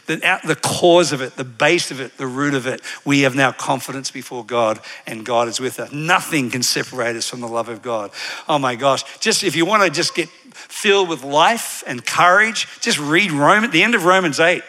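Bright-voiced energetic male preacher. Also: mid-range voice, moderate pace. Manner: energetic, leads congregation call-and-response; animated, digressive storytelling. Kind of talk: sermon.

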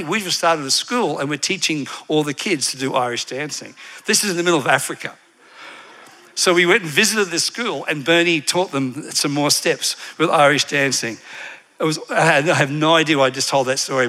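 Male preacher, bright and fairly high, energetic sermon delivery with call-and-response. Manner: animated, digressive storytelling.

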